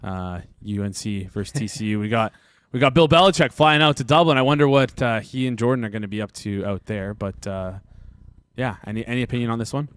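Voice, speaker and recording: A Canadian man hosting a casual sports betting show, firing off quick, repeated prompts and questions. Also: fairly low pitch, fairly bright tone, clear, resonant tone, no room sound.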